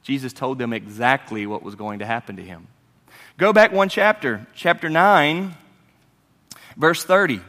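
Male pastor, animated sermon, bright tone, long reverb of a sanctuary. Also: mid-range voice, unhurried. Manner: animated preaching, swings from loud to quiet.

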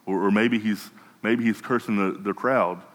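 A man's voice: lowish voice, steady tone, normal speed, big-room sound, poor audio. A man preaching a sermon in a conversational way, often restarting and repeating words. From United States.

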